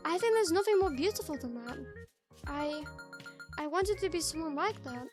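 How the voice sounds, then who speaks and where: A woman voicing a soft-spoken young female murder suspect, gentle and eerie, reading a visual novel aloud in a quiet, hesitant way. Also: very high-pitched, expressive, moderate pace, over music. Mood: wistful.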